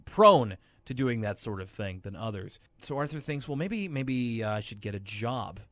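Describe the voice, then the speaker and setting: A man's voice: fairly low pitch, normal speed, no echo. Sarcastic podcast guy, dry mic. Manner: animated, sarcastic, laughing asides. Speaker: podcast co-host. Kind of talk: casual chat recapping a cartoon.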